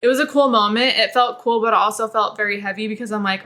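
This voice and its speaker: A woman's voice: medium pitch, steady tone, quick pace, sharp tone. A woman guest on a podcast, talking candidly and openly with lots of fillers. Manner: candid, open, filler-heavy talk. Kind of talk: casual chat.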